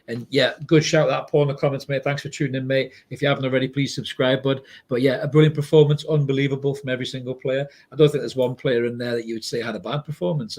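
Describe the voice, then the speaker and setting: Husky fast-talking man. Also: mid-range voice. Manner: excitable, swears freely, reads out viewer comments. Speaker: podcast co-host. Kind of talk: casual match reaction chat.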